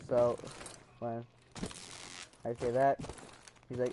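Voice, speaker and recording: A man's voice: medium pitch, steady tone, slow pace, long pauses, mellow, slight background noise. A man vlogging, telling a personal family story in a rambling, emotional way, with fillers and acted-out quotes. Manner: acts out quoted voices. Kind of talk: casual storytime.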